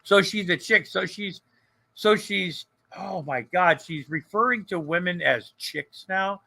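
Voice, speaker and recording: A man's voice: sits high, measured pace, creaky, pushed and bright. An older man co-hosting a casual livestream chat, joking, rambling and swearing freely. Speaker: co-host.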